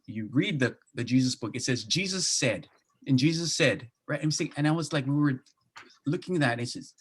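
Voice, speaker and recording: A man with a Hawaiian Pidgin accent and a slightly husky, breathy voice, speaking at an ordinary middle pitch. He talks in a relaxed, conversational way, drifting into Pidgin turns of phrase and restarting his sentences. He sounds like he is on a video call. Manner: easygoing, slips into Pidgin phrasing, many restarts. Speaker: pastor and Bible translator. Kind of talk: casual panel discussion.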